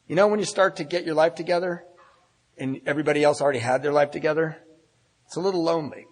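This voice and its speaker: A man's voice: on the high side, quick pace. A middle-aged man giving a personal recovery talk at a meeting, telling his story with self-mocking humor and acting out the dialogue. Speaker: AA speaker. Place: meeting hall. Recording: husky voice in a long-reverb hall.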